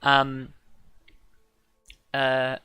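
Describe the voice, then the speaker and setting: Bright-voiced game master, a man. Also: mid-range voice, completely flat delivery, extremely slow, smooth, no room sound. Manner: hesitant, filler-heavy, amused. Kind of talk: narrating a tabletop game.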